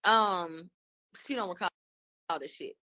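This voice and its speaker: A woman's voice: on the low side, measured pace, pushed and bright. A woman commentator in a casual spoken recap, retelling questions and answers one after another. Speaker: commentator recapping court testimony.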